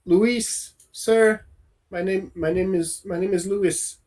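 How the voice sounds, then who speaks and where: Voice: mid-range voice, steady tone, takes it slowly, mellow. A game master voicing a frightened, stammering man in his forties in a tabletop game. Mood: nervous. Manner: stammering, hesitant.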